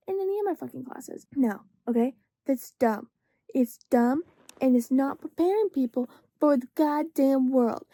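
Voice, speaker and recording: A woman's voice: high-pitched, lively intonation, normal speed, dark tone, no room sound. A young woman vlogger ranting late at night, exasperated, rambling and swearing constantly.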